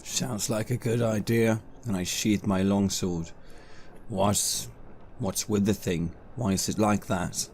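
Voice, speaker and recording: Man, tabletop player, slow, low voice, deliberate. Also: steady tone, a little mellow, slight background noise. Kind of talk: casual in-character game talk.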